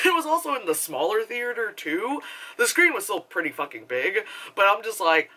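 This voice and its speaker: A young woman talks through a movie review in a loose, chatty ramble, her voice bright and sharp. She piles on filler words, swears without a second thought and laughs often between thoughts. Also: mid-range voice, very animated, moderate pace.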